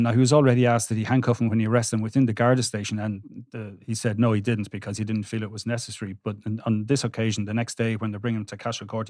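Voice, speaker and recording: A man, a court reporter recounting trial testimony on a podcast with halting restarts. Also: lowish voice, darkish tone, no echo, clean studio sound. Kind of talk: podcast discussion.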